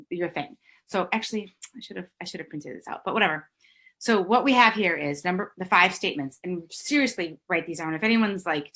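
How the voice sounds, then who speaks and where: A middle-aged woman coaching on a live stream, brisk and emphatic, with a bright, forceful tone. She keeps checking in with her viewers and punches the key points hard. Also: fairly low pitch. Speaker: business coach.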